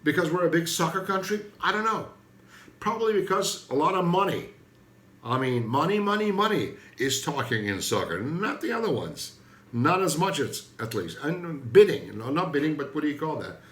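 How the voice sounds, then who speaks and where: A man doing a stand-up comedy monologue, emphatic, leaping from loud outbursts to mutters. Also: on the high side, sing-song, moderate pace, reverberant. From Turkey.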